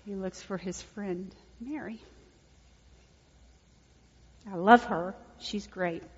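A woman preaching a sermon, swinging from hushed, intimate lines to loud emphatic peaks. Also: medium pitch, takes it slowly, husky. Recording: dull lo-fi recording with long hall reverb.

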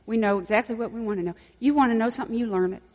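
A woman preaching a sermon, swinging from hushed, intimate lines to loud emphatic peaks. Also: fairly high pitch, very fast. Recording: dull lo-fi recording with long hall reverb.

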